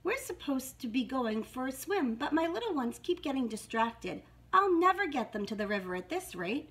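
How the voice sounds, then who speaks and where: A woman's voice: high-pitched, sing-song, moderate pace, fairly bright tone. A woman voicing a flustered, motherly duck in a children's storybook reading. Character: fussing female mother duck.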